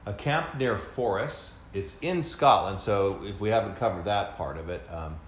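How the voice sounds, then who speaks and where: A man's voice: fairly low pitch, measured pace. A man co-hosting a podcast, explaining at length in a casual way with many fillers and restarts. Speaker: podcast co-host. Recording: echoey room, faint background noise.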